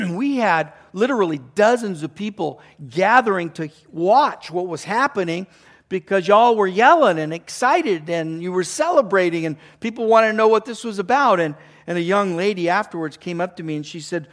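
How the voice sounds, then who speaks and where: A middle-aged man, a pastor preaching a conversational, enthusiastic sermon with restarts and throat-clearing. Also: high voice, animated, normal speed, a bit bright.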